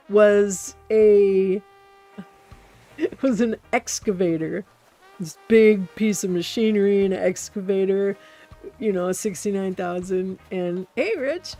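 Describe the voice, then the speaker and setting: A woman hosting a relaxed gameplay stream, chatting and telling rambling stories as she plays. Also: medium pitch. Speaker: game streamer host. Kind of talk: casual gameplay commentary. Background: soft game music.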